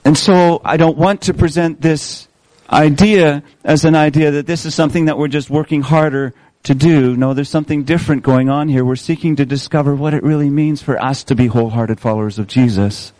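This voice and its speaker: A man preaching a sermon as pastor of his congregation, speaking in a measured way and repeating key phrases for emphasis. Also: a little high, steady tone, a little mellow, no echo, poor audio. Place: church service.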